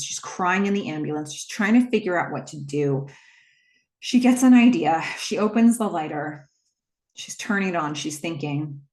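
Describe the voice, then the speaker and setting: A woman with a notably low voice hosts a casual movie recap, walking through the plot step by step in a relaxed, unscripted way. She links scenes with "and then" and occasionally slips in an "um."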